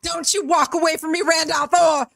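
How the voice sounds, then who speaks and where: A woman playing a stern, bossy woman leader in an improvised scene, in a deadpan put-on Boston accent. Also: medium pitch, normal speed, dry recording. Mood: scolding. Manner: bossy, deadpan, rambling slang. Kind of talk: improvised comic scene reading.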